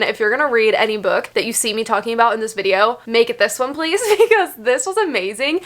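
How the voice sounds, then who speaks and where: A woman's voice: on the high side, a bit bright. A young woman, chatting casually to camera in a reading vlog, gushing and filling her talk with "literally" and "like". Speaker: book vlogger.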